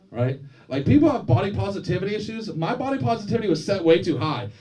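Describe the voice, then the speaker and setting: Crude, lively stand-up comic man. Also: a little high, far from the mic. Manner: crude, self-deprecating banter with the crowd. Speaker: stand-up comedian. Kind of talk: stand-up routine. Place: comedy club stage. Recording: live club with crowd laughter. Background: audience laughter.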